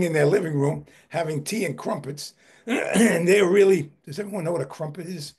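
Husky man, slightly high voice, animated storyteller on a video call. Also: normal speed. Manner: animated, repeats words while telling a story. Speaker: historical society head giving a book talk. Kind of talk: anecdotal storytelling talk.

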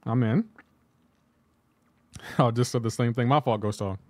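Here a male streamer talks casually with his audience mid-game, responding to them and leaning heavily on "like." His medium-pitched voice is steady, unhurried and somewhat dark, with no room sound.

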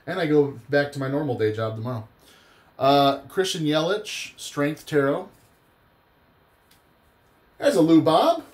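Man, live-stream host, casual chatty commentary, rambling storyteller, tired, slightly high voice. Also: lively intonation, measured pace, long pauses. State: tired after a long day. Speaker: host of live card breaks.

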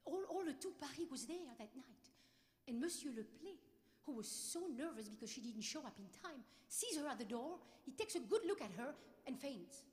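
A woman's voice: high voice, moderate pace, long reverb tail. A woman singer telling a life story on a theatre stage, acting out the people she quotes as she goes. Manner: expressive, acts out the quotes.

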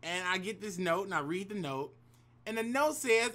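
A man's voice: high voice, animated, moderate pace, pushed and bright. A man telling a personal story to camera in a casual vlog, slangy and profane, with hype-man asides to the viewers. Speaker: YouTube storyteller.

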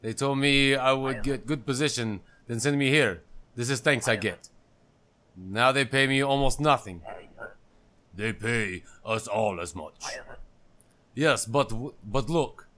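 A man's voice: fairly high pitch, sing-song, takes it slowly, few pauses, husky, pitched above the performer's own voice, heavily acted. A man voicing a grumbling, underpaid male border guard who speaks in broken English.

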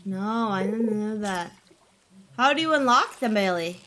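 Live-streaming a game, a young woman keeps up casual, chatty banter with her viewers, gasping, giggling and making silly sounds. Her voice sits on the high side, a bit bright, with lively intonation and a moderate pace.

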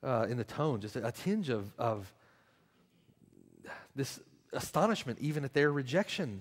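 A man's voice: mid-range voice, sing-song, normal speed, long pauses. A man preaching with dramatic swings. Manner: swings from hushed reflection to loud, pleading exhortation; rhetorical repetition and questions. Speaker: pastor. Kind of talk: preaching a sermon.

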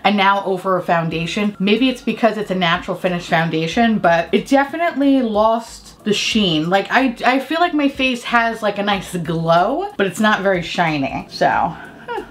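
A woman beauty vlogger chatting casually as she does her makeup and tells a story, candid, profane and quick to laugh. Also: mid-range voice, expressive, fairly bright tone.

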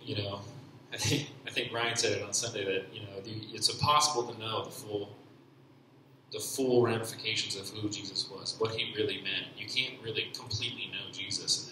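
A man giving a personal faith testimony at church, speaking haltingly with many restarts and repeated fillers. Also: lowish voice, steady tone, background noise. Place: church hall. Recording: very echoey church hall.

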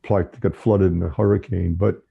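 A man with a very low voice that turns gravelly and husky, chatting as a podcast guest. He speaks in a relaxed, unhurried way and often trails off. His voice comes through a dull, lo-fi line. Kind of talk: casual conversation.

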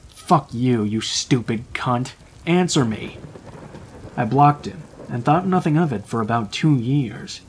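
A man reading a true scary story aloud in a calm, measured storytelling voice. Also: mid-range voice, slightly rough. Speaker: narrator. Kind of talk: scripted horror story narration.

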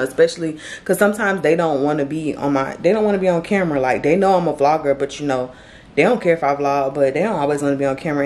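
Low-voiced grieving woman vlogger. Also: a little mellow, a little hiss or hum. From Florida, US. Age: late 20s. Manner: emotional, halting, many fillers and restarts. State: grieving, tearful. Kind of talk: tearful direct-to-camera vlog talk. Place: indoors, on her bed.

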